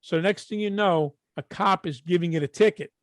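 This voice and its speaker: A middle-aged man with a Brooklyn accent, co-hosting a podcast and telling stories in a casual, profane, animated way. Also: sits high, fairly quick, dry recording, clean studio sound. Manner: animated, profane, acts out quotes. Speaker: podcast co-host. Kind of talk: casual storytelling.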